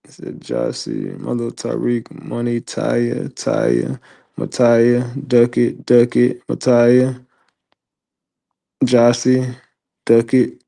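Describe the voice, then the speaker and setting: A man hosting an online show, giving casual livestream commentary in an animated, profane, laughing storyteller's way. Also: medium pitch, slow, gravelly.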